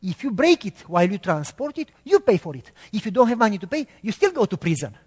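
A man voicing his angry, scornful old boss, yelling threats as he tells a story in a sermon. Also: high voice, very animated, quick pace, husky, big-room sound, full character voice. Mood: mocking. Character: angry shouting male factory boss.

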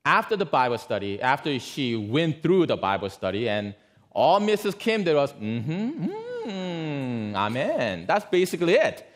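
A man preaching a sermon, telling an illustration in a lively way with asides to his listeners. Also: a little high, moderate pace. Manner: lively, animated storyteller with asides to the congregation. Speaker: pastor. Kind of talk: sermon storytelling.

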